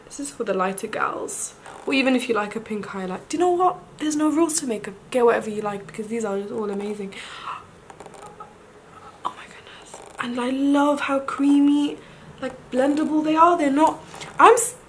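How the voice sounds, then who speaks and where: A young woman, chatting to camera through a makeup tutorial. She gushes excitedly, often gasping and breaking into breathy exclamations. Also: high-pitched, brisk, slight background noise, rough recording. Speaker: beauty vlogger.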